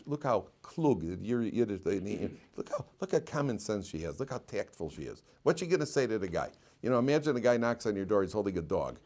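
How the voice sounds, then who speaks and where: Animated rabbi giving a class. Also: male voice, lowish voice. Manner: animated storyteller, laughs often, repeats himself. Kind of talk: lively classroom lecture.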